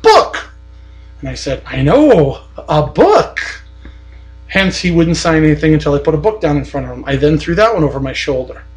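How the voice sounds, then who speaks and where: A man's voice: on the high side, fast talker, few pauses, soft background music, poor audio. Blunt, profane man telling a grudge story. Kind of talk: casual ranting anecdote.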